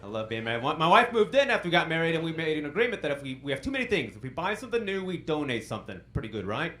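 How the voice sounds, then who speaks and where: A man's voice: fairly high pitch, very animated, very fast, fairly bright tone. A man in his thirties doing a stand-up comedy set on a club stage, self-deprecating, with dry punchlines delivered to the crowd.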